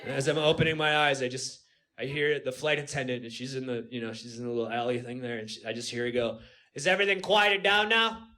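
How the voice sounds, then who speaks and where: A male stand-up comedian telling a rambling story on a comedy club stage, dropping low and quiet before building up to shouting. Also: level tone, quick pace. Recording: live club recording with audience noise.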